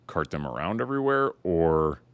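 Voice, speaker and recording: A man's voice: low voice, sing-song, normal speed, dry recording. A man hosting a podcast in casual chat, laid-back, swearing freely and laughing often. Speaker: podcast host.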